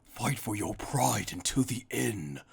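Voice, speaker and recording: A man voicing a loyal male alien warrior who shouts rising, impassioned pleas to his leader. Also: lowish voice, lively intonation, takes it slowly, creaky, husky, voice pushed down, heavily acted. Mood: earnest.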